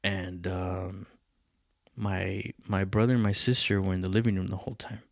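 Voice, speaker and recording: Podcast host, male, lowish voice, dry close sound; swearing, animated storyteller. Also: normal speed, gravelly, dry recording. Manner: profane, animated, acts out quoted voices. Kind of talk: casual storytelling.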